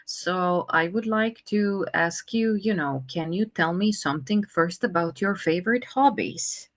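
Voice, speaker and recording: A woman leads an English conversation lesson in a slow, patient way. Her voice sits a little low and she leans on many fillers while she thinks. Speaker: English teacher.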